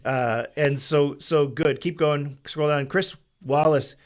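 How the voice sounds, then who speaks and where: A man hosting a casual church live stream, chatty, with halting restarts and easy laughter. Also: fairly high pitch, a bit bright. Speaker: church webcast host.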